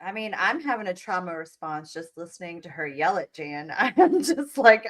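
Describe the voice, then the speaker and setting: A woman co-hosting a livestream, joking in an animated casual way. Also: fairly low pitch, normal speed, few pauses. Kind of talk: casual commentary chat.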